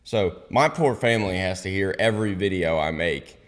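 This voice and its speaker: A young man, a guest on a casual podcast, telling crude jokes and animated stories. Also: low voice, normal speed. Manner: animated, crude joking storyteller. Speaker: guest content creator.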